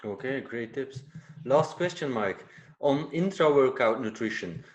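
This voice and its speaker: A man's voice: medium pitch, lively intonation, measured pace, lo-fi sound. A man interviewing, reading out listener questions with a hesitant delivery full of filler sounds.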